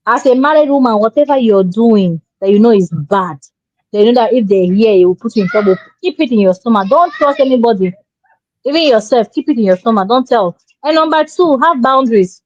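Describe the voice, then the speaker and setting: A woman's voice: a little high, darkish tone, no room sound. A woman, co-hosting a relationship show and giving emphatic, preachy advice. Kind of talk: opinionated advice talk. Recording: dull lo-fi sound.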